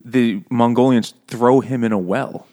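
A man's voice: medium pitch, unhurried. A man casually talking about a book on a podcast, often laughing, swearing and acting out quotes. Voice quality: profane, laughing often, animated quoting.

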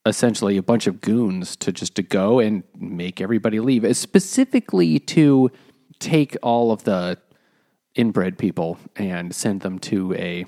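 A man's voice: on the low side, lively intonation, unhurried, warm tone. A man co-hosting a book club podcast, explaining the plot in casual, rambling detail. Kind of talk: casual chat.

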